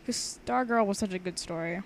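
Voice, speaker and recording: A woman's voice: mid-range voice, a little fast, a little hiss or hum. A young woman casually reading her own story aloud, chatting and rambling with frequent stumbles and restarts. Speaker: story reader.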